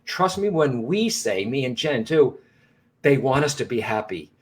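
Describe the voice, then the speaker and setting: A man co-hosting a live broadcast conversation, his voice sitting at an ordinary middle pitch. He talks earnestly and reassuringly to his viewers, often circling back and restarting his sentences. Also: big pitch swings, a little slow. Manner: frequent restarts and repeated phrases. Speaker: psychic medium and co-host.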